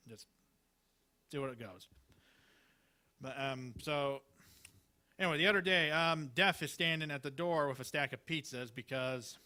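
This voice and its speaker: A man's voice: medium pitch, pushed and bright. A man performing at an open mic, reading Halloween one-liners in a hesitant, rambling way full of fillers and restarts. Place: small live venue.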